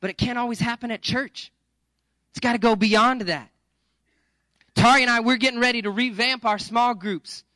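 A male pastor preaching a sermon in a lively, joking, conversational way that coaxes the congregation. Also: very high-pitched, normal speed, long pauses, no echo, low-quality recording.

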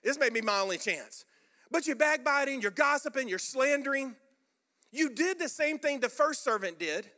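A man's voice: extremely high pitch, sharp tone. A man preaching a sermon as pastor, emphatic and rhetorical, repeating phrases for effect.

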